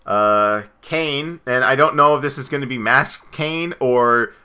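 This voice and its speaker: A man co-hosting a casual chat, rambling from one aside to the next. His voice is very bright and forceful at a middling pitch, and he gets excitable as he goes. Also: measured pace, clean tone. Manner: rambling, excitable, slips into goofy impressions. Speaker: podcast co-host.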